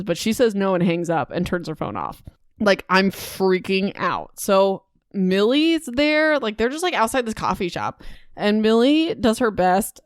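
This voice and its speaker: A woman's voice: mid-range voice, clean tone, no echo, clean studio sound. Chatty, indignant young woman podcaster. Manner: animated, indignant, chatty with many "like"s. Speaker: podcast host. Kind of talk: casual book recap.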